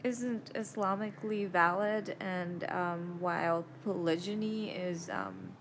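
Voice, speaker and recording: A woman's voice: on the low side, animated, slow pace, background noise. A woman vlogger talking in a rambling, casual monologue, hesitating often with ums and restarting her sentences. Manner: hesitant, many ums and self-corrections.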